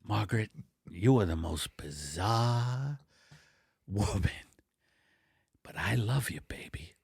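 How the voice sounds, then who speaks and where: A man voicing Al, a bumbling, apologetic middle-aged husband, in a low mumbling voice in an improvised comedy sketch. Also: lively intonation, slow, a little mellow, no echo, studio quality, heavily acted. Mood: sheepish. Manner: low, gravelly, mumbling and sheepish. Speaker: comedy podcast co-host.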